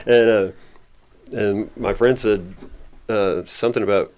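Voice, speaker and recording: Male guest, lower voice, rambling casual story with a lot of chuckling. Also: steady tone, measured pace, darkish tone. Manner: rambling, laughs often.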